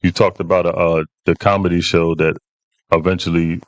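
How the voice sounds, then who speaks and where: Very deep-voiced man moderating. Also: level tone, moderate pace, dry recording. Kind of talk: interview questions.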